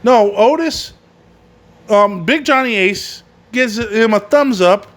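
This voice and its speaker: A man with a fairly high voice hosting a casual wrestling recap. He rambles loosely and swears freely. He often laughs at his own jokes. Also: slow pace. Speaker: podcast host.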